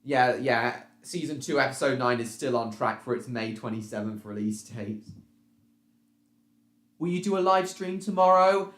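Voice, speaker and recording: Halting man streaming in an echoey room. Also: medium pitch, fairly bright tone. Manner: repetitive, halting, restarts phrases, many ums. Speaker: live stream host. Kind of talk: casual live stream chat, reading out viewer comments. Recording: roomy echo.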